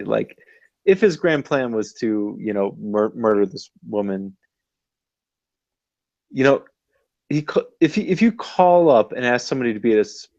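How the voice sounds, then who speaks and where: A man co-hosting a podcast, chatting casually in an animated, rambling way with lots of fillers, a little tipsy. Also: medium pitch, no room sound, dull audio. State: slightly tipsy. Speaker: podcast co-host. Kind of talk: casual chat.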